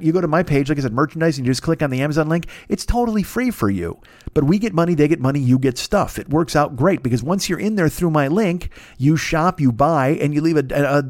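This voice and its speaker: A man's voice: fairly high pitch, a little mellow, no room sound, clean studio sound. A man hosting a podcast, doing rambling, profane, joking ad reads in a casual chat style. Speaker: podcast host.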